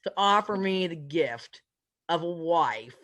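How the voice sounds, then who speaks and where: A woman with a low voice whose pitch jumps around a lot plays improv scenes. She fires off playful questions and stumbles over her words. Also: animated, measured pace, a bit bright. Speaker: improv comedian.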